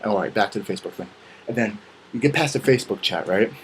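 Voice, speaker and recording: A man's voice: lowish voice, quick pace, a little hiss or hum, rough recording. A young man ranting casually and comically, with lots of swearing, acting out bits of dialogue as he goes. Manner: profane, animated, acts out quoted dialogue. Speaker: vlogger. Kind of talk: casual comedic rant.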